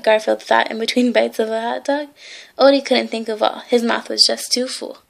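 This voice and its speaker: A woman reads a bedtime story aloud, gently and with small asides. Her voice sits high and has a noticeable gravelly fry. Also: fairly even intonation, moderate pace. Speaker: reader.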